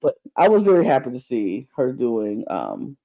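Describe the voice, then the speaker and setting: Gravelly-voiced man chatting on a podcast. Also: mid-range voice, wildly swooping pitch, moderate pace. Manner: chatty, rambling, many fillers and restarts. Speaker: podcast co-host. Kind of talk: casual reality-TV recap chat. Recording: dull lo-fi podcast audio.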